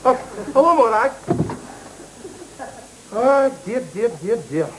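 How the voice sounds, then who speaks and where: A man's voice: very high voice, animated, slow pace, heavily acted. An actor playing an indignant, bigoted middle-aged husband who rants at his wife in a TV sketch. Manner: indignant ranting. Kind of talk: 1980s TV sketch comedy. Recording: noisy old TV broadcast.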